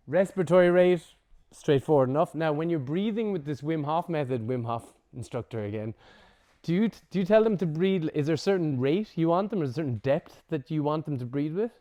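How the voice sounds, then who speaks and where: A man leads a breathwork class in a casual, animated way, cursing lightly and acting out little examples. His voice sits a touch high for a man. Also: fairly quick. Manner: lively, casual, swears and acts out examples. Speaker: breathwork instructor. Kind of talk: teaching a workshop.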